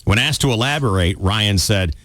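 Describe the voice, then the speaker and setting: A man's voice: on the low side, lively intonation, normal speed, fairly bright tone, no room sound, clean studio sound. A man hosting a radio show, reading gossip stories aloud and mocking them in casual banter. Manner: mocking, puts on voices for quotes. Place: radio studio.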